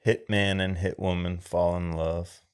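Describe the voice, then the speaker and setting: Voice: sits low, level tone, unhurried, clear, resonant tone. A podcast co-host in casual film chat, asking dry, teasing questions.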